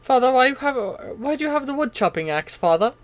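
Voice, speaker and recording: A man voicing a naive little boy who pesters his father with questions in a high, whiny, childish voice. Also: sing-song, fast talker.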